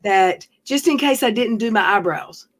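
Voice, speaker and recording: A woman's voice: on the high side, animated, moderate pace. Chatty woman streaming late night. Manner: rambling, chatty, laughs often. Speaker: livestream host. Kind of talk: casual livestream chat.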